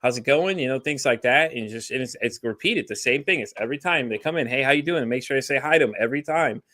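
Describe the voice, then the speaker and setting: A man's voice: mid-range voice, bright, forceful tone, dry recording, clean studio sound. A man from Texas in a casual podcast chat, telling rambling stories and acting out quoted dialogue. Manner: fast, rambling storyteller who acts out quoted dialogue. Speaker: podcast guest.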